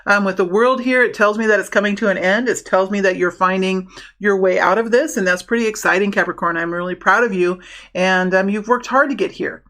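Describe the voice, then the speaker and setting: A woman's voice: medium pitch, brisk, a bit bright. A woman giving a casual tarot reading to her viewers, rambling and friendly, with many restarts and fillers. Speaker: tarot reader.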